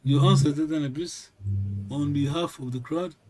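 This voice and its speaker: A man with a slightly high, somewhat mellow voice teaches a language class haltingly. He repeats words and keeps checking in with "yes?"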